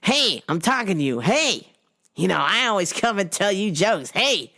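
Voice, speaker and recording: A woman voicing a loud, pushy male customer who keeps calling out hey over and over. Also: high voice, very animated, normal speed, exaggerated voice. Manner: insistent, repeats hey over and over.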